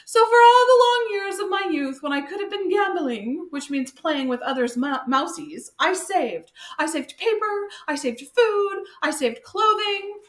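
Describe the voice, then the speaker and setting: A woman's voice: very high voice, animated, unhurried, hardly any pauses, voice pushed up. A woman voicing a miserly male city mouse who talks in a pitiful, melodramatic way. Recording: echoey room.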